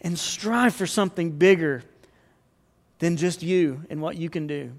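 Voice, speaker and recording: A man's voice: fairly high pitch, unhurried. A man preaching a sermon as pastor, earnest and building to fervent appeals. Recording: long hall reverb.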